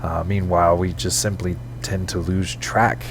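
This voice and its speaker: Man voicing ghost swordsman, tired, formal, slow and halting speech. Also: low voice, level tone, soft background music, pitched below the performer's own voice, natural voice. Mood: sorrowful. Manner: formal and sorrowful, slow and hesitant. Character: weary, solemn male ghost swordsman, protector of lost spirits.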